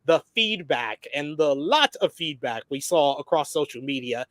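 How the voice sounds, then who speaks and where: A man's voice: on the high side, expressive, moderate pace, a bit bright, no echo. A man hosting a podcast, reading out wrestling news and quotes with frequent filler sounds. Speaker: podcast host.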